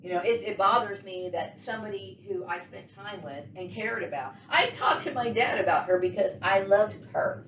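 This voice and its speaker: A woman's voice: mid-range voice, normal speed, hardly any pauses, fairly bright tone, a little hiss or hum. A woman vlogger delivering an emotional, agitated monologue, repeating herself and checking in with "okay?" and "you know what I mean?". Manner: agitated, repetitive, keeps asking "okay?". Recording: dull, echoey room, mic far off.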